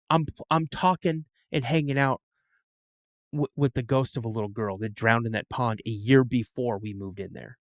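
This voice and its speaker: A middle-aged man telling personal stories as a podcast guest, animated and full of restarts and fillers. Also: mid-range voice, normal speed, no echo. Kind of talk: casual storytelling in an interview.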